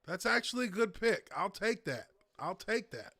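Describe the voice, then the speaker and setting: Bright-voiced man muttering on stream. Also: high-pitched, normal speed, no echo, studio quality. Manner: muttering to himself, relaxed and profane. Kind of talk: casual livestream chat.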